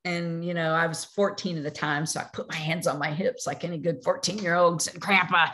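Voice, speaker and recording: Woman, middle-aged, fairly low voice, motivational storyteller, animated, lots of fillers. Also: fairly quick. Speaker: speaker telling a personal story.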